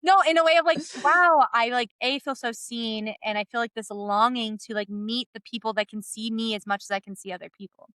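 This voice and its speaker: A woman hosting a podcast, telling stories in an animated way and laughing often. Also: fairly high pitch, brisk, few pauses, smooth, no echo. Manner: animated storytelling, laughs often, many likes. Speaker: podcast host. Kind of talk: casual chat.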